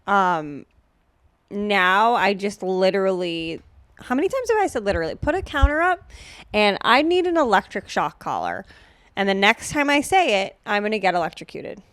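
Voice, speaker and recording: A woman's voice: mid-range voice, very animated, moderate pace, a bit bright, clean tone, no echo. A woman hosting a podcast in a casual chat, sarcastic and profane, with lots of filler words. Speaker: podcast host.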